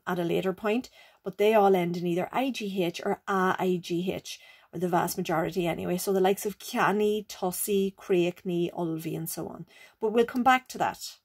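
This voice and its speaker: A woman's voice: on the low side, darkish tone, breathy edge. Patient woman teaching grammar. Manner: patient, repeats rules, checks understanding with "right?" and "okay?". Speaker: Irish language teacher. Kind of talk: explaining grammar in a lesson.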